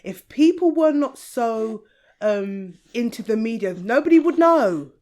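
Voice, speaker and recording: A woman with an English accent, co-hosting a casual chat podcast, emphatic and quick to jump in. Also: on the high side, animated, darkish tone. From England. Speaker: podcast co-host.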